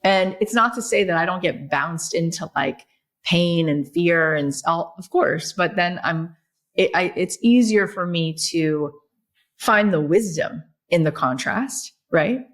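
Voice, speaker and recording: A woman guest on a podcast, telling stories in a lively, chatty way, full of "like" and "right?". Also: fairly low pitch, a little slow. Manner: animated storyteller, many fillers like "like" and "right?". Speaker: guest, author and podcast host. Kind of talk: casual podcast conversation.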